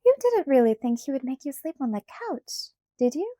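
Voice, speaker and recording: A woman reading a teasing, high-voiced young woman. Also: big pitch swings, normal speed, no room sound, clean studio sound. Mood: playful. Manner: bright, teasing, innocent-sounding. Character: playful, mischievous young woman. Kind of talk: audiobook character reading.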